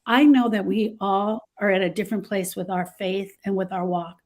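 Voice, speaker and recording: A woman's voice: medium pitch, steady tone, normal speed. A woman grief specialist giving earnest, emphatic advice in a discussion. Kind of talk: instructive discussion.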